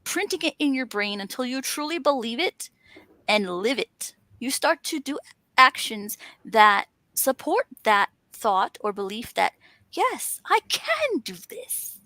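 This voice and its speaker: A woman's voice: on the high side, animated, measured pace, bright, forceful tone, no room sound. A woman talking in an earnest, encouraging way, stacking up emphatic lists. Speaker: author and panel host. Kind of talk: motivational casual chat.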